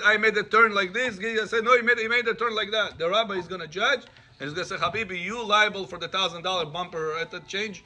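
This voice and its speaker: A high-pitched man leads a class as a rabbi, telling stories and acting out each exchange. He delivers it with lively animation. The recording carries a clear layer of background noise. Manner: animated, acts out dialogue in stories. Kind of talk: storytelling Torah class.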